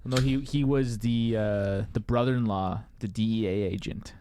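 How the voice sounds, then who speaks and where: A man's voice: on the low side, normal speed, mellow, clean tone, dry recording. A man co-hosting a casual podcast, blunt and opinionated, swearing casually. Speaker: podcast co-host. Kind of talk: casual chat.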